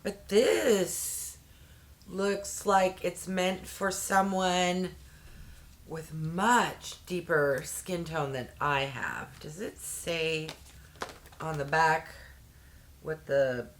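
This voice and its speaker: A woman reviewing a beauty subscription box in a candid, chatty way with quick exclamations. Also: low voice. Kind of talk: casual unboxing chat.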